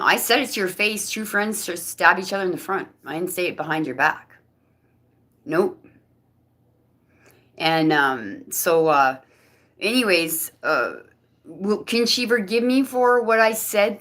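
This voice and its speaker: Woman, lowish register, rambling unscripted testimony monologue, many restarts and quoted voices. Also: a bit bright. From Canada. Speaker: vlogger giving personal testimony.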